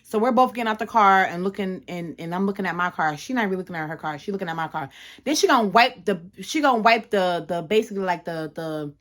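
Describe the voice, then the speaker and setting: A woman's voice: mid-range voice, animated, quick pace. A young woman vlogger telling a heated, blunt and profane story to her camera, with many restarts. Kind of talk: casual storytime rant.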